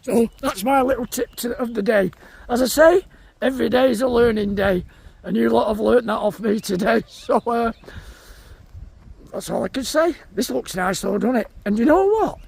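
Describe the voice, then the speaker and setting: Chatty man vlogging outdoors, very high pitch with gravelly fry. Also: normal speed, darkish tone. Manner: chatty, talks to animals and viewers. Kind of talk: casual vlog chat. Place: outdoors in a field.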